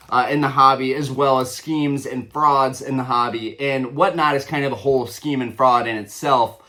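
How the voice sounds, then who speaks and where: A man's voice: medium pitch, sharp tone. A young adult man hosting a collector channel, ranting heatedly with lots of fillers and restarts. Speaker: Pokémon card collector channel host. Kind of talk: ranting vlog commentary.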